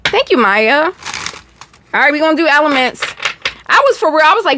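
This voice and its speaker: A woman's voice: high voice, big pitch swings, fairly quick, long pauses, a bit bright, a little hiss or hum. A young woman with a Texan accent, chatting casually with viewers while doing a live tarot reading. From Texas. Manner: chatty, slangy, talks to chat, laughs often. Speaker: tarot reader.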